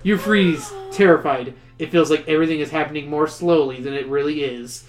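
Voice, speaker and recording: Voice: mid-range voice, steady tone, fast talker, a little mellow, soft background music. A host reading a choose-your-own-adventure book aloud to friends, adding playful jokes and laughing along the way. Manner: playful, joking asides, laughs while reading. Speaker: reader and host.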